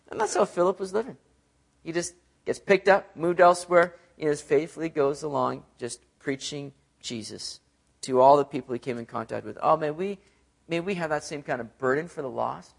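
A man's voice: a little high, normal speed, creaky. A male pastor giving an expository sermon, earnest and emphatic, often repeating phrases to drive a point home.

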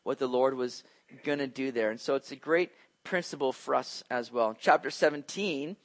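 A man preaching a conversational sermon. He is animated, drops in casual asides and acts out the voices of the people he describes. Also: medium pitch, normal speed. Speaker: pastor. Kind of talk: expository sermon.

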